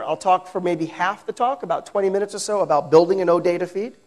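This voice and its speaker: Man, American accent, high-pitched voice, joking, conference talk. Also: darkish tone. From New York, United States. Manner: chatty, joking with the audience. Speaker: conference speaker. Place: large conference hall.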